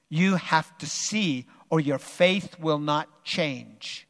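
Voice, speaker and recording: A male preacher reads a Bible story aloud and retells it dramatically, swinging between loud bursts and quiet asides. His voice is high and bright with a sharp edge. A long hall reverb hangs around every phrase. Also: slow. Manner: dramatic, varies loudness and pace freely. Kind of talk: sermon with dramatic Bible reading.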